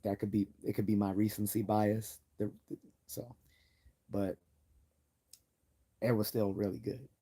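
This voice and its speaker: A man's voice: fairly low pitch, little pitch movement, a little slow, pauses often, mellow, husky. A man hosting a livestream, talking in an earnest, enthusiastic way that rambles with frequent restarts. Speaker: livestream host. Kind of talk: casual livestream commentary.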